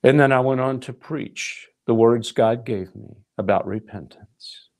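A middle-aged male pastor preaches, recounting his own story and voicing both himself and God. His voice has a gravelly edge at a mid pitch. He talks straight to his listeners as folks. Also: unhurried, a little mellow. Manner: storytelling, acting out dialogue with God. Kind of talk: sermon.

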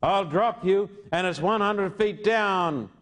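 A man's voice: sits high, takes it slowly, fairly bright tone, pitched above the performer's own voice. A man preaching a sermon voices a cruel male persecutor who threatens and makes demands of a boy. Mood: menacing.

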